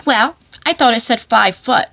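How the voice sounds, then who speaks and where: A woman in her forties, a vlogger telling funny stories to camera in a chatty, animated way with frequent laughs and fillers. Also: fairly high pitch, moderate pace, vocal fry. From New Jersey shore area. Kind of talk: casual storytelling to camera.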